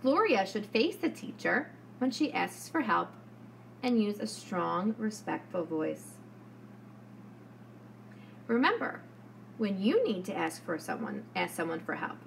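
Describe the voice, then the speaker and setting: Slow, lively-voiced woman preschool teacher. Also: medium pitch, slight background noise. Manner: slow, clear and sing-song, speaking to small children. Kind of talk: lesson for young children.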